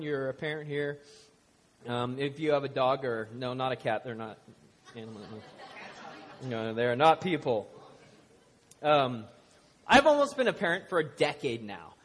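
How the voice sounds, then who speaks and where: Before his congregation in a church hall, a man in his thirties gives a relaxed sermon full of stories and self-deprecating humor. His fairly high, expressive voice is a bit bright and moves at normal speed, with a faint crowd and long hall reverb around him.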